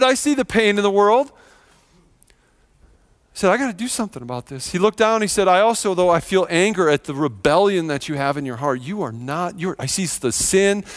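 Animated storytelling pastor, a man. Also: a little high. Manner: storytelling, animated, acts out quoted voices. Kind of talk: sermon.

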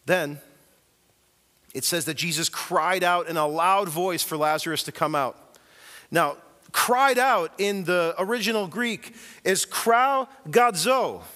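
A man preaching a sermon as a pastor, earnest and emphatic, swinging from quiet to loud as he tells the story. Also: fairly high pitch, a little slow, long reverb tail.

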